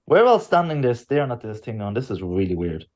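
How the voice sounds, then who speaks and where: Speaking briskly at a medium pitch, a male podcast co-host recounts a story in easygoing chat. He tells it with liveliness, acting out the quotes of everyone involved.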